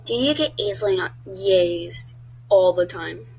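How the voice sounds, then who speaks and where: A woman's voice: mid-range voice, unhurried, creaky, darkish tone, slight background noise, low-quality recording. Chatty blunt teenage girl vlogger. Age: teens. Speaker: YouTuber. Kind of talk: casual vlog chat.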